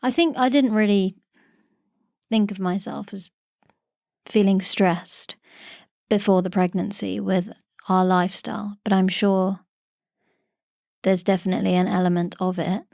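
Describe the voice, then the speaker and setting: A woman's voice: mid-range voice, fairly even intonation, unhurried, vocal fry, pauses often, darkish tone, no echo, studio quality. A woman, hosting a podcast, reflecting in a casual chat and speaking in short, considered phrases. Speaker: podcast host.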